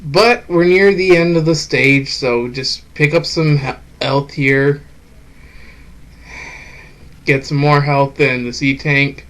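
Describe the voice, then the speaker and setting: A man's voice: on the high side, fairly even intonation, slow, pauses often, fairly bright tone, low-quality recording. Casual man narrating gameplay. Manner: casual, frank, swears when frustrated. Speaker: game reviewer host. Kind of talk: voice-over gameplay commentary.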